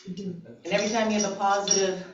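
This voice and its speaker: Animated woman speaking in an echoey church. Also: medium pitch, fairly quick, noisy background. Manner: animated, laughs often, conversational. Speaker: guest speaker at a church service. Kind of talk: inspirational talk to a congregation. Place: church sanctuary. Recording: very echoey, distant, dull church recording.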